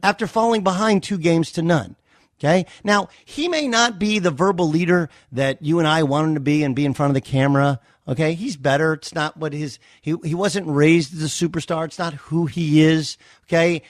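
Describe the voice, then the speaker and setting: A man's voice: a little high, normal speed, dry recording, clean studio sound. A man arguing hard in an on-air sports debate, emphatic and insistent. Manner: emphatic, insistent, repeats "okay?". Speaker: sports radio host.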